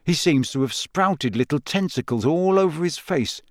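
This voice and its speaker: A man's voice: fairly high pitch, lively intonation, moderate pace, no echo, voice pushed up, natural voice. A wry teenage prankster, voiced by a man, with a dry sense of humor. His voice sits somewhat above the reader's own, in a close and dry recording.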